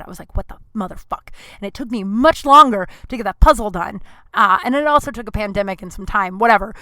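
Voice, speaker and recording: A woman hosting a casual solo podcast, telling stories in a profane, animated way with sudden loud outbursts. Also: on the high side, no room sound. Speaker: podcast host.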